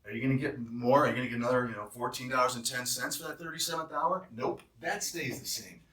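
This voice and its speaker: A man's voice: medium pitch, steady tone, fast talker, sharp tone. A man walking travel nurses through a job offer, heated and emphatic as he breaks down the hourly pay. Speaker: travel nurse staffing recruiter. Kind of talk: explanatory walkthrough with a rant. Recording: roomy echo, distant mic.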